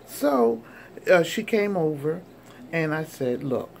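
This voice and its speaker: A woman's voice: sits low, takes it slowly, creaky, slight background noise. Chatty woman in her sixties. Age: 60s. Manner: chatty, animated, many fillers. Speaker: vlogger. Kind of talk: storytelling vlog.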